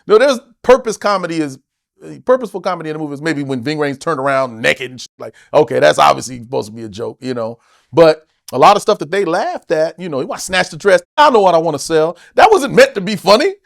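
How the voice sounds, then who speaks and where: A man's voice: a little high, fast talker, creaky. A middle-aged man, an actor, telling stories in a casual interview, swearing and acting out quotes in other voices. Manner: animated, swearing, acts out quotes in other voices, laughs often.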